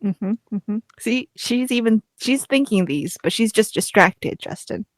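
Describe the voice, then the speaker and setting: A woman's voice: mid-range voice, expressive, a little slow. A woman with a mid-range voice talks in a playful, teasing way and giggles often while she chats about a book. She co-hosts the show on a close microphone. The sound is dry, with no room echo. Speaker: podcast co-host. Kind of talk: casual book discussion. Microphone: studio mic.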